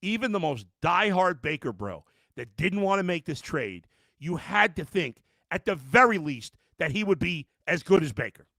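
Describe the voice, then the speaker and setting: Gravelly, bright-toned fired-up sports host. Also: male voice, a little high, sing-song, normal speed, no room sound. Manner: heated, emphatic ranting with repeated restarts; addresses viewers directly as folks. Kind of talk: live postgame reaction podcast.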